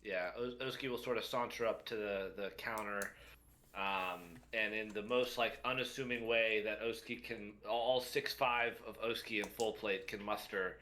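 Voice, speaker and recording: Bright-voiced, hesitant male player. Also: fairly low pitch, slight background noise. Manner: hesitant, halting, calming. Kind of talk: tabletop role-play.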